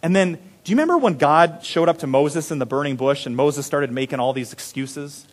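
A man preaching a sermon, animated and chuckling, sometimes dropping to soft low tones. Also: brisk. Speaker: pastor.

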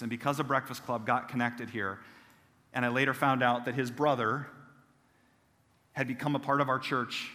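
Preaching in a church sanctuary with a long reverb tail, this medium-pitched male pastor weaves personal stories into his sermon. He animatedly performs the quoted voices of the characters, poking fun at himself along the way.

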